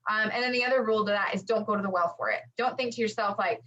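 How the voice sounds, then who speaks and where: A woman co-hosting a running podcast in casual chat, lively and acting out quotes with lots of fillers. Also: mid-range voice, very fast. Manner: animated, acts out quotes, many fillers. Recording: dull lo-fi audio.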